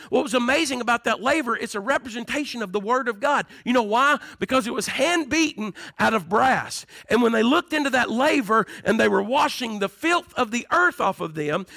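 A man's voice: extremely high pitch, animated, normal speed, creaky, few pauses, sharp tone, no echo. A man preaching a fervent sermon as pastor, firing rhetorical questions at his congregation.

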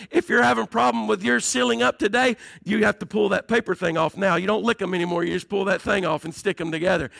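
High, gravelly-voiced preaching man. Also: fairly bright tone, dry recording. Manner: fervent preaching with rhetorical questions to the congregation. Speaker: pastor. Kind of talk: sermon.

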